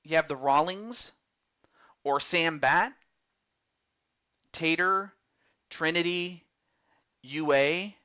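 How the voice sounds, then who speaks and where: Chatty man streaming a game, bright tone. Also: fairly high pitch, very slow, long pauses, clean tone. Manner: chatty, talks through menu choices aloud. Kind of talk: casual game commentary.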